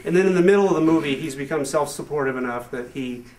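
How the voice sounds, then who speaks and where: A young man doing a rambling stand-up comedy routine with hesitant fillers and deadpan asides to a live audience. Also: fairly high pitch, fast talker. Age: young adult. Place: live show venue with audience. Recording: echoey room, far from the mic, noisy amateur recording.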